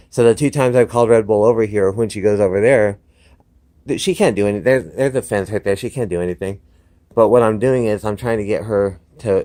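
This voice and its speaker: A man's voice: fairly low pitch, brisk, dark tone. A man talking casually to camera outdoors about training his dog, explaining at length with frequent restarts. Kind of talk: casual instructional talk to camera. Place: outdoors, by a fenced yard.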